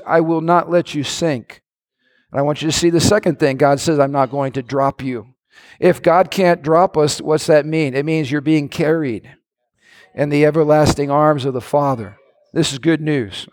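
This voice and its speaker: A middle-aged man preaching from the pulpit in a fairly high voice. He is animated, shouting some lines and dropping to hushed asides on others. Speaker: pastor. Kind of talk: sermon.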